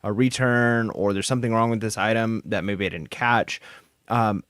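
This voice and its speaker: A man's voice: on the low side, fairly even intonation, moderate pace, fairly bright tone, clear, resonant tone, no echo, studio quality. A man co-hosting a casual podcast, joking around and giving practical advice. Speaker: podcast co-host.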